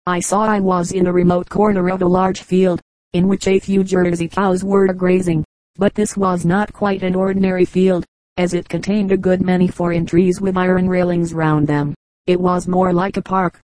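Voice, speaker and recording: Woman reading an audiobook, steady. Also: on the low side, normal speed, no echo, poor audio. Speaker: audiobook narrator. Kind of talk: scripted narration.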